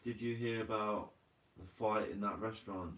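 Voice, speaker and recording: Laid-back man, low voice, roomy. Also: steady tone, normal speed, a bit bright. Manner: laid-back, chatty, laughs often, says mate a lot. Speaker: live stream host. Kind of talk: casual live chat reading viewer comments. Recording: roomy sound from a distant mic.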